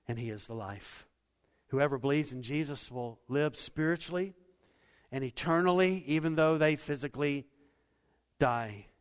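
A man preaching a sermon as a pastor, emphatic, swinging between loud declarations and quiet asides. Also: medium pitch. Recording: long reverb of a hall.

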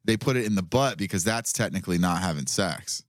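A man riffing in rowdy podcast banter, laughing often as he jokes. His pitch moves all over the place. The sound is close and dry. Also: brisk, no room sound. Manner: laughing, joking, animated. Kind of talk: crude casual banter.

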